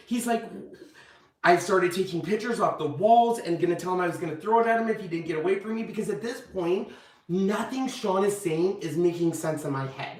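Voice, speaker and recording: A man, the channel host, telling a story in a casual, animated way and acting out the lines people said. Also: high voice, fairly quick. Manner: animated, acts out quoted lines. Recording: echoey room, distant mic.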